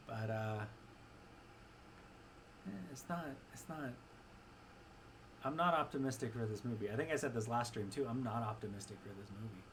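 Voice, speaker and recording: A man's voice: medium pitch, fairly bright tone. Young man, casual stream chat, wry and rambling, mid-range voice, faint background hiss. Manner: wry, rambling, with many restarts.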